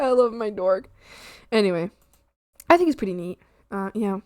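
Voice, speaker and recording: A woman's voice: medium pitch, animated, normal speed, a little mellow, no echo, studio quality. A young woman chatting casually on her art stream, gushing and giggly, sliding into baby talk. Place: home streaming setup.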